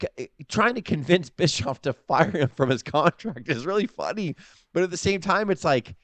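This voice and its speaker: A man co-hosting a casual podcast chat, talking in an animated, profane way. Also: a little high, moderate pace, dry recording. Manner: animated and profane, acts out quotes. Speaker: podcast co-host.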